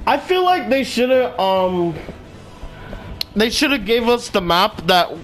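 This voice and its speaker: A man giving casual game commentary in an excitable way, swearing, shouting and repeating himself. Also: very high-pitched, takes it slowly. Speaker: gameplay commentator. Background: loud game music.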